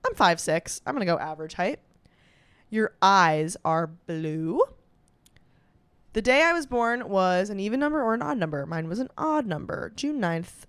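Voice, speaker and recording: Here a comedian takes a quiz on camera, her lowish voice clean and the recording dry. The young woman talks casually by herself, reacting in the moment, cursing and laughing frequently.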